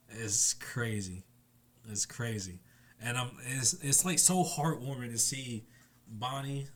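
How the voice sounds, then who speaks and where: Chatty young man recapping a comic chapter. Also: mid-range voice. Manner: rambling, laughs often, reads out lines in playful voices. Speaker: anime reviewer.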